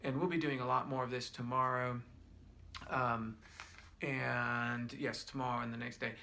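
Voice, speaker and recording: Middle-aged guy walking you thru a breathing exercise, gravelly voice, kinda teary, keeps restarting sentences. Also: mid-range voice, level tone, moderate pace, a little hiss or hum. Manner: gentle, repetitive, thinking aloud with many restarts. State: tearing up. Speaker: wellness instructor. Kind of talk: guided breathing demonstration.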